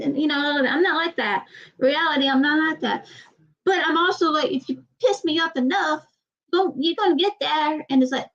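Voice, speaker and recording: A woman's voice: sits high, lively intonation, normal speed, fairly bright tone, dull audio. A woman with a light Southern US accent, chatting casually and bluntly in a rambling vlog. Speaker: vlogger. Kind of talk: casual chat.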